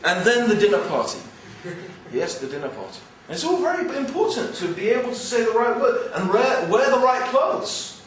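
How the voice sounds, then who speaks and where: An English man with a mix of upper-class and East London accents gives an animated, joking religious lecture to an audience. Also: high voice, moderate pace, a little hiss or hum. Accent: English, mixed with East London. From England. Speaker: Islamic speaker. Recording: very echoey hall, mic far off.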